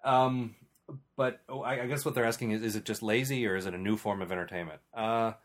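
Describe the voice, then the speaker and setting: A man's voice: fairly low pitch, brisk. A man hosting a casual podcast, reading listener questions in a rambling way with frequent restarts. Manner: rambling, restarts often, chuckles between remarks. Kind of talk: casual chat.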